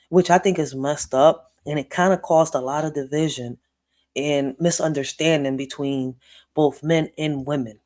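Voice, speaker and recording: A woman's voice: low-pitched, darkish tone. Rambling woman hosting a reaction video. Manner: rambling, many fillers, earnest. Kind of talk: casual commentary.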